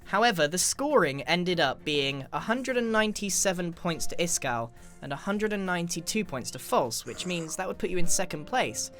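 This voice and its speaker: An upbeat male host chatting casually through a game session, with a lively, laugh-prone delivery. He sounds friendly and animated as he explains things to his friends. Faint music hums in the background. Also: high-pitched, moderate pace, few pauses. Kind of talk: casual gaming chat.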